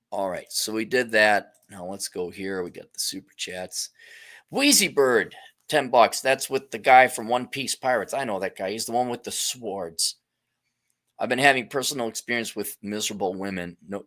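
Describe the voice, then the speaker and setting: Middle-aged male host, casual livestream talk, blunt and profane, swinging pitch. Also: expressive, normal speed. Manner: blunt, profane, laughs often, shifts pitch and loudness a lot. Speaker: livestream host reading super chats.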